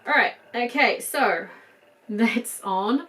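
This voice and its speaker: A middle-aged woman with a New Zealand accent, chatting casually as she dresses a doll, soft and gushing with murmured asides. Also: a little high, a little slow, faint music behind, rough recording. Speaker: doll collector. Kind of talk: casual show-and-tell chat.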